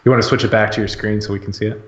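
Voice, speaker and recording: A man's voice: on the low side, little pitch movement, racing. Rambling man in a roomy lo-fi room. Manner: rambling, thinking aloud with fillers and jokey impressions. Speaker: podcast co-host. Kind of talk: casual fan chat reacting to a trailer. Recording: roomy, dull lo-fi audio.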